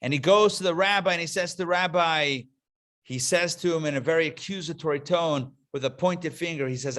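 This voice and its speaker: A man, a rabbi, teaching a live class over a video call, telling jokes in an animated storytelling manner and then speaking earnestly. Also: fairly quick. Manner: animated storyteller, swings into high excited voices for characters. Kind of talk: live lecture with told jokes. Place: classroom streamed to an online call.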